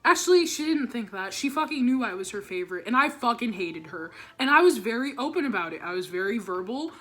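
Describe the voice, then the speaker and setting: High bright young woman storytime vlogger. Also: fast, soft background music. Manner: animated, swearing, dramatic re-enactments. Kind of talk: storytime vlog.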